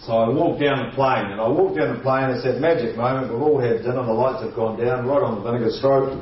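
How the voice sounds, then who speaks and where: A man telling a comic anecdote, acting out the people in it with a lively, chuckling delivery. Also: mid-range voice, fast talker. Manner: lively, acts out other voices, chuckling. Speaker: guest storyteller. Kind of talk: comedic anecdote. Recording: echoey, distant, dull sound.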